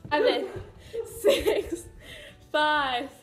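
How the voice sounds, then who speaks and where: High-voiced girl vlogger, giggly n excitable, playing games with her mom. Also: extremely slow, echoey room, soft background music. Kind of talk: playful game chat at home. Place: home, indoors.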